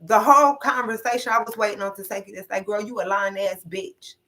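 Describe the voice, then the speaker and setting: A woman's voice: medium pitch, fairly even intonation, a little fast, pushed and bright. A woman casually recapping a reality show conversation, quoting what was said, then giving her own emphatic opinion. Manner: recounts scenes with quoted dialogue, grows emphatic when giving opinion.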